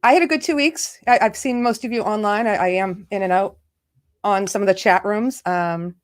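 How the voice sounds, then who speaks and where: A woman with a medium-pitched voice runs a relaxed livestream at a moderate pace. She says hello to viewers by name and laughs a lot as she chats.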